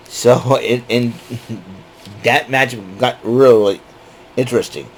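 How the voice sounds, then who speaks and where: A man's voice: mid-range voice, takes it slowly, long pauses, a little hiss or hum, rough recording. A man giving a casual, rambling recap as host, with many fillers and restarts. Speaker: wrestling show recap host.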